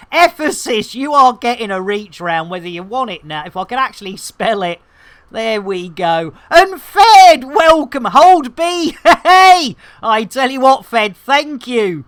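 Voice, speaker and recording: Lady streaming a game, higher voice, slow easy talk, chatty and shouty with chat. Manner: chatty, exclamatory, greets and thanks viewers. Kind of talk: casual live-stream chat.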